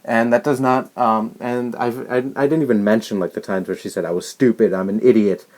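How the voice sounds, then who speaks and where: A man's voice: lowish voice, fairly even intonation, brisk, a little mellow. A young man vlogging a rambling, exasperated rant about a personal story, full of restarts and fillers. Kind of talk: ranting personal story to camera.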